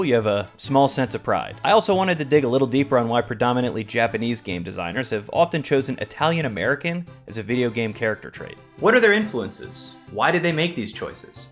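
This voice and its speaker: A man's voice: medium pitch, a bit bright. A man hosting a scripted video game explainer, with wry, casual asides. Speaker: host. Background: faint guitar music.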